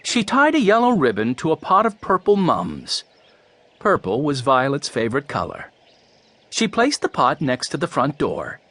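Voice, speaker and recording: A man narrating a children's mystery audiobook in a clear, storytelling voice. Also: fairly high pitch, wildly swooping pitch, normal speed, fairly bright tone, dry recording.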